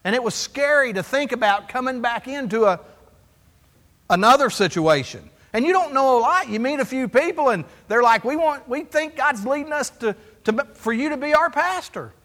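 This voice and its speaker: In a church sanctuary with long hall reverb, a male pastor preaches by telling stories and animatedly acting out the dialogue. His voice is very high-pitched, and he speaks at a normal speed.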